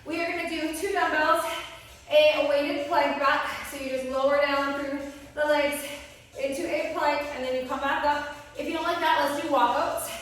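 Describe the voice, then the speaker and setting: A woman's voice: sits high, flat delivery, normal speed, a bit bright. Breathless woman calling out workout cues. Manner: short encouraging exercise cues, counting down reps. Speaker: fitness instructor. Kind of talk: workout class cueing. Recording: very echoey room, voice from far off. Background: faint music.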